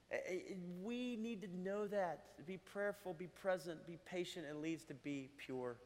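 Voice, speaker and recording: Middle-aged guy preaching, pretty high voice, chatty with little laughs, lots of reverb like a big church. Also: animated, moderate pace, few pauses. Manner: conversational preaching with laughs and asides. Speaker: pastor. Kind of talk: sermon. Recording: long hall reverb.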